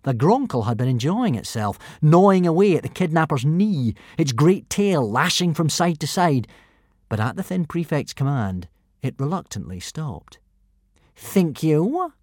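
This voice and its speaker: A man narrating a children's adventure audiobook in an expressive, animated reading. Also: a little high, moderate pace, no room sound, studio quality. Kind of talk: storybook narration.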